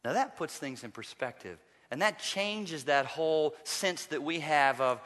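A man preaching a sermon as pastor, swinging from quiet pleading to loud emphatic bursts. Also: fairly high pitch, measured pace, hardly any pauses, long reverb tail. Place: church sanctuary.

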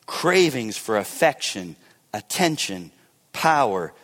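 Man, pastor preaching, animated delivery, loud peaks and quiet asides, long hall reverb. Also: lowish voice, slow. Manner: animated preaching, swinging between loud emphasis and hushed asides. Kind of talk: sermon.

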